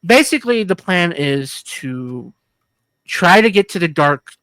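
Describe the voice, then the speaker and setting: A low-voiced woman co-hosts a film review podcast. She rambles and jokes crudely in a very lively, swinging tone that often restarts itself, and she is recorded dry with no room sound. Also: measured pace, no room sound. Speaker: podcast co-host. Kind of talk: casual film review chat.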